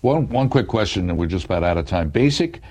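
Man, very low voice, husky, talk show host, attentive, short affirmations. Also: expressive, fast, darkish tone. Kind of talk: interview host.

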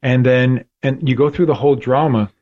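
Male podcast host, earnest and preacherly, middle pitch, muffled lo-fi recording. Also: normal speed. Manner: earnest, preacherly emphasis with repetitions. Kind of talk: faith podcast conversation.

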